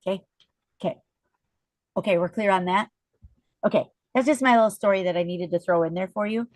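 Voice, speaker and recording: A middle-aged woman leading a sales team meeting over a video call, telling a motivational story in a chatty, animated way and keeps checking in with "okay?" and "you guys". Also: mid-range voice, fairly quick, no room sound.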